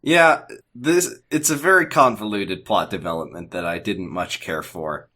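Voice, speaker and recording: A man's voice: low-pitched, moderate pace, pushed and bright. A man co-hosting a podcast, wryly chatting about a TV episode and joking along the way. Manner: wry, jokey, playfully acts out quotes. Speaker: podcast co-host. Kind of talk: casual chat recapping an episode.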